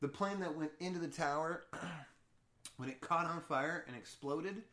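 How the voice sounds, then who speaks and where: A man's voice: a little high, a little slow, sharp tone. A man cohosting a podcast, swearing and laughing while he rambles through jokes. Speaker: podcast co-host. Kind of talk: casual joking chat. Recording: echoey room.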